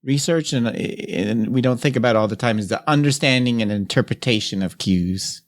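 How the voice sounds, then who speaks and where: A man's voice: medium pitch, moderate pace. Hesitant male podcast host. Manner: hesitant, many fillers and restarts. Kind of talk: casual interview chat.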